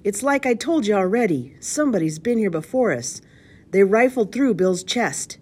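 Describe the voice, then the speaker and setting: A woman voicing a gruff, surly male pirate who shouts his lines. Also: on the low side, fairly even intonation, moderate pace, pitched above the performer's own voice, lightly acted. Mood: exasperated.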